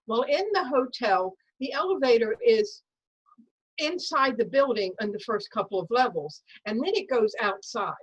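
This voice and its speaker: A woman tells a true story from her own life to a story-slam audience over a video call. Her voice sits a little high, and her delivery is lively and dramatic. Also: normal speed, husky, lo-fi sound. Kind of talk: personal story told at a story slam.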